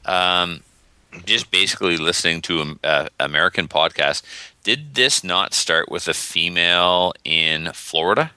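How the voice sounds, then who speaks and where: Co-host, male, very low and very bright, dry sound, easy laugh. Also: measured pace, smooth, no room sound, low-quality recording. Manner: laughs easily, relaxed. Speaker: podcast co-host. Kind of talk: casual chat, reading listener mail.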